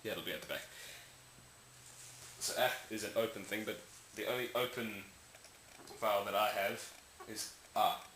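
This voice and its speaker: A man's voice: lowish voice, moderate pace, long pauses, fairly bright tone. Rambling man explaining sounds, echoey room. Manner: rambling, self-correcting, demonstrating sounds aloud. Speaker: language tutorial maker. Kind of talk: casual explainer lesson. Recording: echoey room with faint hiss.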